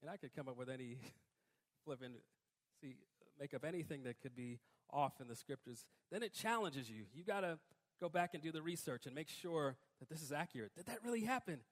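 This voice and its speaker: A man preaching a sermon in a conversational way, breaking into emphatic, louder outbursts. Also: fairly high pitch, animated, fairly quick. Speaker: pastor.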